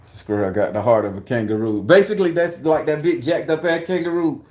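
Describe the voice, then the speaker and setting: A man vlogging outdoors in a park, telling an excitable, profane, rambling story full of restarts. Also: on the high side, brisk, few pauses, roomy sound. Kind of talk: animated personal storytelling.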